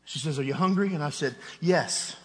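A man's voice: on the high side, normal speed, in a large hall, noisy background. A middle-aged man preaching a sermon, telling a personal story with rising emotion and a raised voice at its peak.

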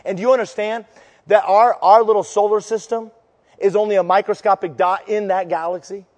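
A male preacher giving an impassioned sermon, moving between fervent declarations and quieter storytelling. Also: high voice, steady tone, a little fast, in a large hall.

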